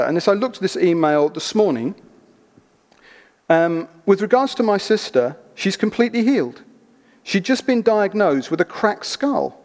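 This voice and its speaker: A man preaching a sermon, telling stories in an animated, chatty way with asides. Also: high voice. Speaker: pastor. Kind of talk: sermon with storytelling. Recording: reverberant church hall.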